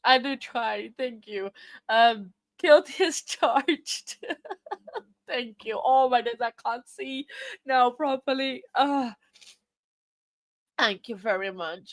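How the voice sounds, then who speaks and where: A woman hosting a casual livestream, tearful and laughing as she thanks her viewers, halting and repeating herself. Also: a little high, no echo. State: crying. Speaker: livestream host.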